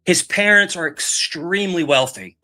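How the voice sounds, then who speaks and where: Animated bright-voiced man telling a story. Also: high-pitched, normal speed, faint music behind. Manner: rambling, animated, swears, repeats words. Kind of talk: casual storytelling chat.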